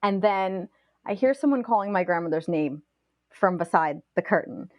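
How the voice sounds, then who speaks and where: A woman guest on a podcast, retelling a personal story in an animated, fast-flowing way full of "like" fillers. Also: lowish voice, dry recording, highs cut off.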